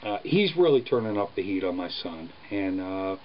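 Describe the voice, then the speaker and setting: A man, a father, telling a story about his son in a casual vlog, speaking in an earnest, halting way. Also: low-pitched, big pitch swings. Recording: dull lo-fi sound with faint background noise.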